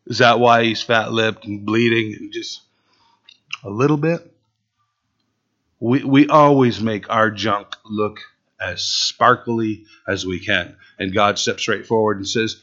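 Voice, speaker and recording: A pastor preaching a sermon in an animated way, firing rhetorical questions and asides at his congregation. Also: mid-range voice, a little slow, pauses often, muffled recording.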